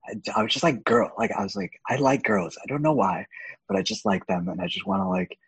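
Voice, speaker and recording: Young male guest, very husky and gravelly, lively pitch, open and candid. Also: fast, no echo, low-quality recording. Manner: open and animated, laughs often. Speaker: podcast guest. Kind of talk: candid casual chat.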